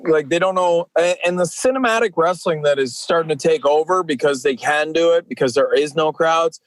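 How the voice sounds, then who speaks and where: Rambling man with a bright high voice. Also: brisk, no echo. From Canadian East Coast. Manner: rambling, energetic, many fillers. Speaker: guest, professional wrestler. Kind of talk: casual podcast chat.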